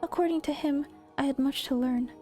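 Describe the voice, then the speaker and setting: A woman voicing a timid, polite young maid servant who narrates a visual novel, speaking softly and hesitantly. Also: sits high, a little fast, faint music behind, voice pushed up, lightly acted. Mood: narrating. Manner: soft, hesitant, stammering.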